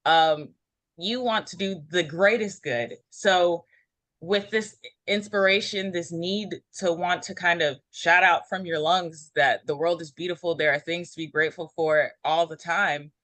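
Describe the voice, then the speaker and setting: Woman, intuitive chart reader, bright crisp tone, dry close sound, rambling delivery. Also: lowish voice, steady tone, a little slow, no echo. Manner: meandering, intuitive, many ums. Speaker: numerology reader.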